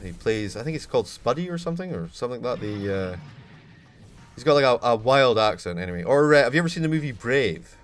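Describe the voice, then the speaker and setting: A Scottish man commentating on a live esports match, chatty between plays and shouting with excitement when a fight breaks out. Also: mid-range voice, fast. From Scotland. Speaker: esports caster.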